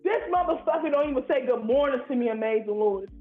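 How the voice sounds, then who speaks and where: Heated high-voiced man on a phone line. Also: animated, fast, faint music behind. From Ohio. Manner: heated, profane, rambling. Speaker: caller. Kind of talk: angry call-in rant. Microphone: phone call. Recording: tinny echoey phone line.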